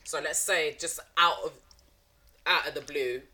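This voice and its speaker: A woman's voice: deep voice, fairly even intonation, a little slow, pushed and bright. A woman co-hosting a podcast in casual chat, blunt and jokey, laughing often. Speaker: podcast co-host.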